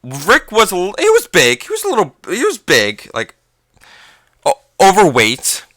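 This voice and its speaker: Speaking with a high voice full of huge pitch swings, the teenage gaming channel vlogger keeps a measured pace as he chats his way through a long, rambling story. He corrects himself along the way, and his pushed, bright tone sits in a recording with no room sound.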